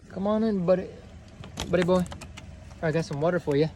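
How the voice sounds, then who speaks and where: A man's voice: sits high, a little fast. Playful man teasing his pets. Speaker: pet owner filming at home. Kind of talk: casual home video chat. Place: home. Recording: noisy home video.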